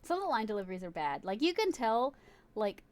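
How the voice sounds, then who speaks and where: A woman's voice: fairly high pitch, big pitch swings, brisk, darkish tone. A woman streaming live, chatting casually and giggling, swearing freely as she talks to her viewers and a friend in chat.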